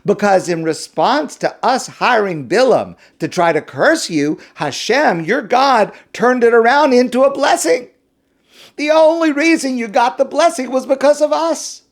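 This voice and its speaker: A man's voice: a little high, animated, a little slow, pitched above the performer's own voice. A man voicing entitled pleading ancient nations. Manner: pleading, self-justifying.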